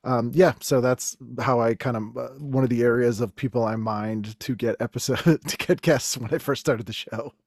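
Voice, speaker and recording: A man's voice: mid-range voice, fairly even intonation, moderate pace, hardly any pauses, a little mellow, dry recording, clean studio sound. Rambling Boston man in his forties. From Boston area. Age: 40s. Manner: rambling, many fillers, laughs between phrases. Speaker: podcast guest, comedian. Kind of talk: casual chat.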